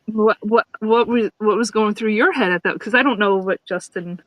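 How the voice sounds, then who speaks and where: A woman's voice: medium pitch, moderate pace, fairly bright tone, no echo, rough recording. A woman guest chatting casually and nervously, often repeating and restarting her words. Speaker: guest, newlywed bride. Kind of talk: casual chat.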